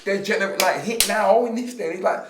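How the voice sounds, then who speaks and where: A man's voice: high voice, moderate pace, distant mic, noisy background. A man, chatting casually on a podcast, repeating and restarting his words. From England. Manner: animated, slangy, repeats words. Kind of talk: casual chat. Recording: echoey room, away from the mic.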